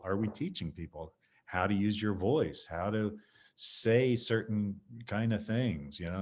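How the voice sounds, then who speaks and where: A man, a martial arts teacher, chatting as a guest on a video call and acting out little scenes as he talks. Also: lowish voice. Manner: animated storytelling, acting out scenes. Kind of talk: casual video-call chat.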